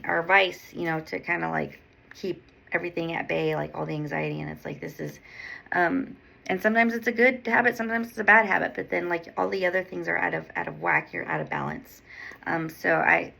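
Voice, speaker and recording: A woman nurse coach hosts her own podcast in a loose, candid monologue. Her voice sits low and carries a gravelly fry, yet its tone stays bright and forward. She rambles, restarts her thoughts and swears freely. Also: poor audio. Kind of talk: casual monologue.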